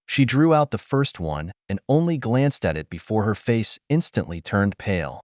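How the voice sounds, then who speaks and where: Low-voiced male story narrator. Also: big pitch swings, moderate pace, darkish tone, dry recording, clean studio sound.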